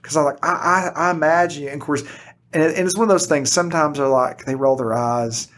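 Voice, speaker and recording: Fairly quick and on the high side, this middle-aged man, a teacher guesting on a podcast, tells lively stories in casual conversation, performing other people's lines as he goes.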